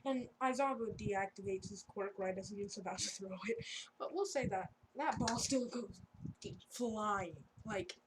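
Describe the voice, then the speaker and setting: A woman casually telling a fan story in a rambling, off-the-cuff way with joking asides. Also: mid-range voice. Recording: steady background noise.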